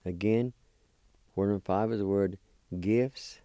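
A man's voice: fairly low pitch, fairly even intonation, measured pace, mellow, clear, resonant tone, no echo. A man teaching word pronunciation, sounding words out syllable by syllable in a patient, encouraging way. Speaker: language teacher. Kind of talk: pronunciation lesson.

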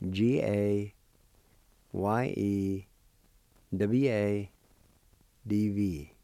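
Slow, deliberate male language teacher. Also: lowish voice, mellow, dry recording. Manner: slow, deliberate, spells letter by letter; encouraging. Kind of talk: slow spelling and pronunciation lesson.

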